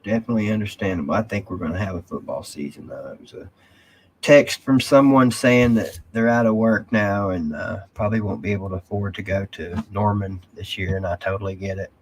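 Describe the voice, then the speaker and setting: A man's voice: on the low side, a little fast, a little hiss or hum. A man hosting a casual live stream, rambling and reading viewer comments aloud.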